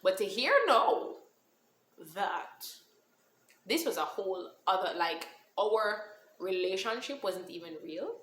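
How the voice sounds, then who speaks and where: A woman tells a personal story to camera in a casual, animated way and slips into patois now and then. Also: medium pitch, takes it slowly. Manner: animated, switches into Caribbean-style patois when emotional. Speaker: vlogger telling a personal story. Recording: echoey room with faint ambience.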